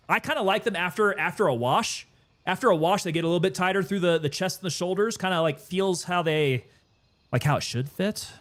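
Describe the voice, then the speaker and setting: A man casually commenting while he plays a game and chats with viewers, relaxed and sometimes winded. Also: a little high. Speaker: gaming streamer.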